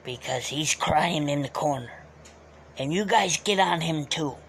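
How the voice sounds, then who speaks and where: A man putting on a bossy, quick-tempered old Italian uncle in a strained, scratchy voice during a live stream. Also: on the high side, fairly bright tone. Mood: grumpy scolding. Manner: bossy, scolding, threatens and shoos people off. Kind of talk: live-stream character bit.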